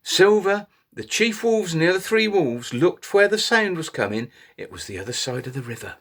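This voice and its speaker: A man telling a children's story in an animated way, inviting little listeners to join in. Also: a little high, moderate pace. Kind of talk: interactive children's story reading.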